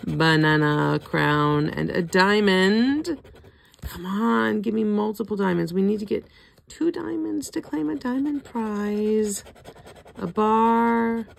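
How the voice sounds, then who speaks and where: Slow gravelly older woman, hoarse. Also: mid-range voice, a little hiss or hum. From Florida. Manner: slowly calls out ticket symbols one by one, chatty asides. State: hoarse, throat not cooperating. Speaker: scratch-off ticket vlogger. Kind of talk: casual running commentary.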